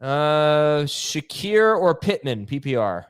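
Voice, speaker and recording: A man's voice: on the high side, very animated, clean tone, no echo. Guy hosting a live fantasy q&a, voice bouncing up and down, dry close sound. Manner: quick, playful, reads viewer questions. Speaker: show host.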